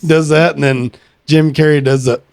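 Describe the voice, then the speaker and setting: A man's voice: fairly high pitch, fairly even intonation, vocal fry, darkish tone. A man co-hosting a podcast in casual chat, swearing and restarting his sentences. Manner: swearing, halting starts. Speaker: podcast co-host.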